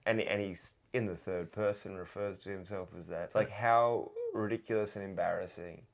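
Low-voiced wry man. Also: moderate pace, creaky. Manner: opinionated, wry, animated when arguing a point. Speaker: podcast guest. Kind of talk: casual chat.

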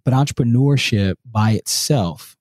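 A man with a medium-pitched voice speaks a little slowly as a guest on a podcast interview, recorded in clean studio quality with no room sound. Earnest and animated, he keeps checking in with rhetorical "right?"s.

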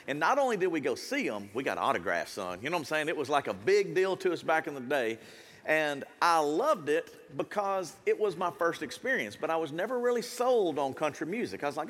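A middle-aged man, preaching a jokey, animated sermon as a pastor. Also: a little high, brisk. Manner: animated, jokey, hypes the crowd. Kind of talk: lively sermon. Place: church auditorium.

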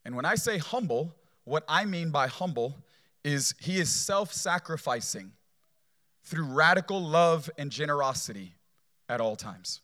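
Male pastor, sermon delivery, bright and slightly high voice, chatty with repeated phrases. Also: animated, a little slow. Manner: conversational preaching, frequent "right?" tags, repeats phrases for emphasis.

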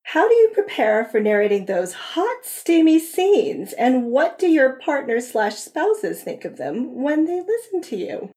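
A woman's voice: sits high, big pitch swings, a little slow, few pauses, mellow. A woman hosting an interview, reading listener questions in a playful way and laughing easily. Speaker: host.

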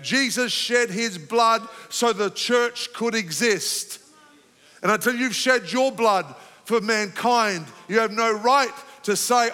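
Male pastor, high bright tense voice, fervent sermon delivery, big reverberant church sound. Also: slow pace. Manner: impassioned, rising to fervent emphasis then calming. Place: church sanctuary.

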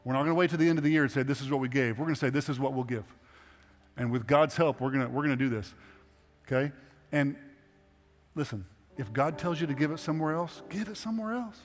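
With frequent pauses yet a fast delivery, a middle-aged pastor at medium pitch gives a sermon in a church sanctuary. His earnest, conversational talk builds to emphatic exhortations, recorded with hall reverb and faint music.

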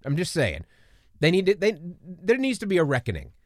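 Earnest, rambling man, lively pitch. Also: a little fast, dry recording, studio quality. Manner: earnest, rambling, frequent restarts and repeated words. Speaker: podcast host. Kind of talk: casual faith-based podcast talk.

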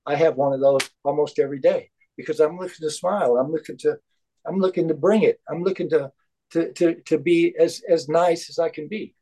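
A man sharing his views in a spiritual study group, emphatic and halting, with many restarts. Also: a little high, dark tone, rough recording. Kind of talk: heartfelt group discussion.

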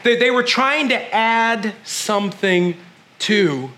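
A man preaching a sermon as pastor, animated, acting out quoted voices and dropping to a hush. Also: high voice, slow.

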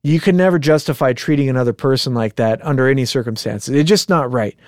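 A man co-hosting a casual podcast chat, telling a story in an animated way, swearing freely and acting out quotes. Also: medium pitch, fast, dry recording, studio quality. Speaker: podcast co-host.

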